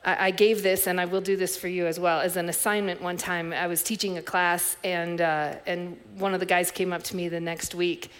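A woman's voice: lowish voice, little pitch movement, moderate pace, few pauses. Reflective woman preaching a sermon. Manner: reflective, storytelling, many soft restarts. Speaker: pastor.

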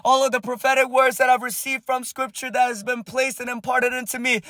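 A man preaching a sermon with passion, building to shouted prayer and prophetic declarations. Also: extremely high pitch, level tone, a little fast, hardly any pauses, no room sound.

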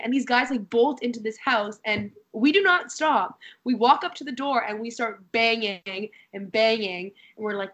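A young woman in her twenties hosts a casual podcast with a friend. Her voice sits slightly high, and she tells stories animatedly, full of fillers and playful mock drama. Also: normal speed. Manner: animated storyteller, lots of "like", mock infomercial tone. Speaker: podcast co-host. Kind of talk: casual chat, storytelling.

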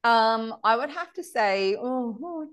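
An Australian woman telling stories in a casual interview chat, animated and laughing often, with excited squeals. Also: a little high, slow. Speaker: psychic medium and shop owner, podcast guest.

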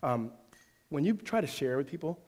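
Animated male preacher in a reverberant hall. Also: on the high side, moderate pace. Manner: animated, conversational preaching with rising, emphatic peaks and laughter. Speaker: pastor. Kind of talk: sermon.

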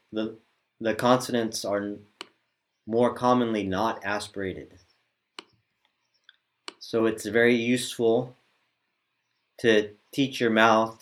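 Patient male teacher, slightly low voice, walks learners through sounds with halting restarts. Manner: patient, hesitant, demonstrates sounds aloud. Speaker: Sanskrit recitation teacher. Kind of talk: step-by-step pronunciation lesson.

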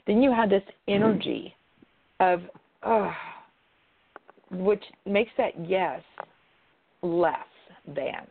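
A woman's voice: fairly low pitch, animated, slow pace, creaky. A woman giving earnest advice in casual conversation, often restarting her sentences. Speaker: guest. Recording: tinny phone-like line.

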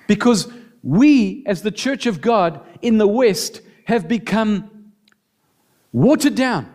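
A man's voice: high-pitched, animated, takes it slowly, darkish tone. A man preaching a sermon as pastor, emotional and building to impassioned appeals.

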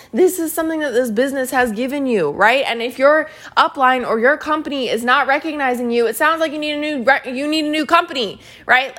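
Upbeat lady, kinda high voice, motivational podcast talk, keeps saying right. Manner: energetic, repeats phrases, says y'all and right. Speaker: podcast host and team leader.

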